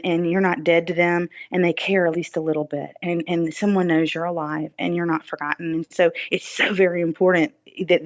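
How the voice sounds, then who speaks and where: Earnest woman telling her story, lo-fi. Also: fairly low pitch. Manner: earnest storytelling with frequent fillers and restarts. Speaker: podcast guest. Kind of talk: personal testimony in a podcast interview.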